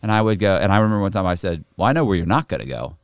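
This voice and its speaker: A man's voice: low voice, very fast, clear, resonant tone, no room sound, clean studio sound. A middle-aged man, a podcast guest, telling a story in casual, profane talk and acting out the people in it. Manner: profane, animated, acts out the other people in his story.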